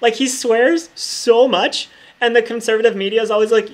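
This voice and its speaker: A woman's voice: fairly high pitch, fairly even intonation, moderate pace, darkish tone. A woman talking casually over her own gameplay as a vlogger, full of "like" fillers and freely swearing. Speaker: gaming vlogger.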